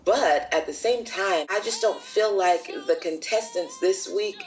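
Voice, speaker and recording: A frank American woman co-hosting a casual recap chat, animated and quick to laugh. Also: medium pitch, soft background music. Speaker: co-host of recap show.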